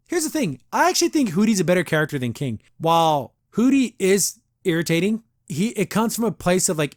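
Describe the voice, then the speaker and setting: Man, podcast host, casual episode review, slightly high voice, rambling and animated, dry close sound. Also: no room sound. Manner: rambling, animated, with frequent restarts and acted-out quotes.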